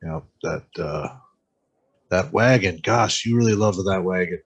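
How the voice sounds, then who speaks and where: A man's voice: deep voice, unhurried, husky, dull audio. A man playing a tabletop game, reminiscing in a folksy, wistful way. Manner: folksy and reminiscing, with "gosh" and "yep". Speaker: player. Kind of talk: in-character eulogy, wistful.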